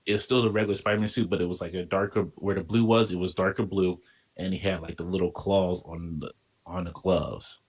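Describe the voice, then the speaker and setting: A man's voice: low-pitched, fairly even intonation, a little fast, darkish tone. A man from the United States, a podcast guest, rambling in a loose, playful way and teasing his co-host. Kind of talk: casual chat.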